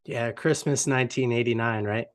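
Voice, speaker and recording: A man hosting an interview, who reviews books for a living. He frames long, engaged questions and laughs lightly along with his guest. His voice has an ordinary pitch for a man. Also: steady tone, moderate pace.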